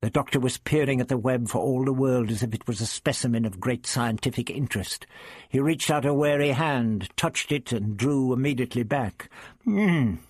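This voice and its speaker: A man's voice: mid-range voice, fairly quick, darkish tone, husky, no room sound. A man reading an adventure story aloud in a dramatic storytelling manner. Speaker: audiobook narrator. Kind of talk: expressive audiobook reading.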